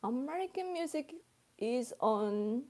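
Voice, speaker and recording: Japanese woman, lively unhurried chatter. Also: sits high. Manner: chatty, laughs often, acts out examples. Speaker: livestream host reading chat. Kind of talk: casual chat.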